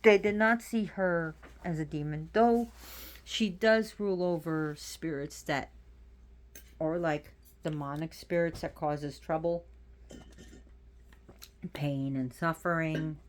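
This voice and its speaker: A woman casually talking to her viewers from home in a slow, rambling way. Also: deep voice. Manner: slow, rambling, stops to scold her pets. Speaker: pagan religion video host. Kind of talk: casual spoken talk to viewers.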